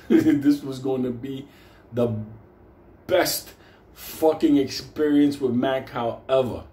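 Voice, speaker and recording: With a mid-range voice, slow pace and long pauses, a man shares a casual story, animated, laughing along and swearing all the time. The recording is echoey with faint noise.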